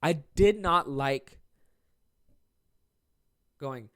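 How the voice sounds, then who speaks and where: A man's voice: medium pitch, animated, normal speed, no room sound. Profane rambling young man, dry sound. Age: 20s. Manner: rambling, profane, self-deprecating. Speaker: podcast host and stand-up comedian. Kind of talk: casual solo podcast monologue.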